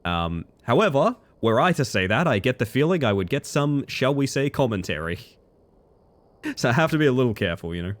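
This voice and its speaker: While gaming live, a man chats casually with viewers and reads their messages out loud, laughing often. His mid-range voice is sing-song and fairly quick.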